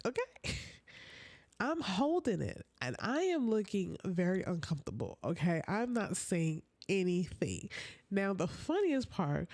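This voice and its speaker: A woman telling an animated storytime on a casual livestream, chatting loosely and dropping into whispers for asides. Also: mid-range voice. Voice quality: chatty, drawn-out storytelling full of "like" and "honey".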